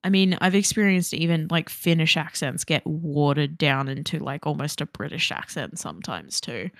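A woman with a low, gravelly voice co-hosts a gaming podcast. She chats casually and drifts into long tangents. The sound is close and dry. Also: normal speed, dry recording. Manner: laughs often, rambling and tangential. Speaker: podcast co-host. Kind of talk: casual chat.

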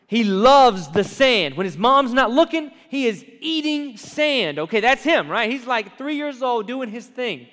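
A man preaching a conversational sermon to a group, lively and often checking in with his listeners. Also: very high-pitched, a little slow, few pauses. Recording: long hall reverb.

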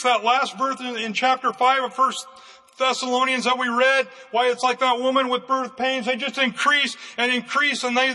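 A man preaching a fervent sermon as pastor, with bursts of raised, shouting emphasis. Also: very high-pitched, in a large hall.

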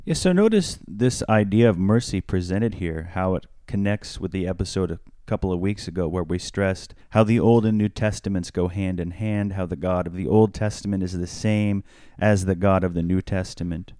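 Priest guy teaching bible stuff, low mellow voice, dry close sound, slow and careful. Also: dry recording. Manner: measured, teacherly, stresses key words. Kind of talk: explaining scripture on a church podcast.

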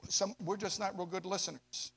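A man preaching a sermon to young adults, swinging from hushed asides to loud, drawn-out emphasis. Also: sits high, steady tone, gravelly, slightly rough. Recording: long hall reverb.

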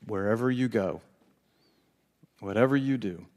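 A man's voice: on the low side, measured pace, darkish tone, in a large hall. A man preaching a sermon, reading scripture aloud with dramatic voices and chuckling as he comments. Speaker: pastor.

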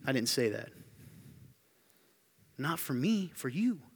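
A man's voice: big pitch swings, takes it slowly, breathy edge. A man preaching a sermon to his congregation, emphatic and often asking the room rhetorical questions. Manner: emphatic, building to loud high-pitched intensity. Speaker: pastor. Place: church hall. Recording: long hall reverb.

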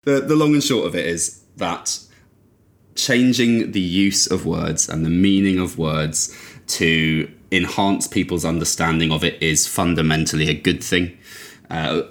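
A man's voice: low-pitched, fairly even intonation, normal speed, fairly bright tone. Exasperated man ranting on a podcast. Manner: exasperated ranting, incredulous laughing outbursts. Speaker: podcast co-host. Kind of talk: casual chat.

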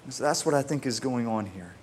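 A man preaching a conversational sermon, repeating words as he starts sentences and moving between excited emphasis and quiet, slow reflection. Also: medium pitch, a little hiss or hum. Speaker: pastor.

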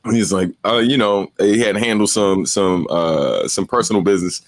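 A man's voice: lowish voice, moderate pace, dry recording. A man co-hosting a podcast, telling stories in a laid-back, slangy way with frequent laughter. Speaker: podcast co-host. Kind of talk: casual chat.

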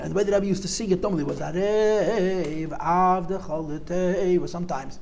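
A man's voice: fairly high pitch, creaky, slight background noise. An older man telling a live audience his memories in a vivid, demonstrative way, dropping in Yiddish and Hebrew terms. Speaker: speaker recounting memories to an audience. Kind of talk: storytelling talk to a live audience.

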